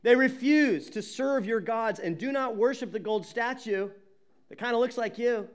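A man's voice: very high voice, moderate pace. A man voicing sneering courtiers who tattle to a king, in a snide gossiping tone.

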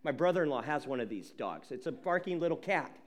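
A man preaching a sermon as pastor, emphatic and animated, often repeating words as he builds. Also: a little high, fast.

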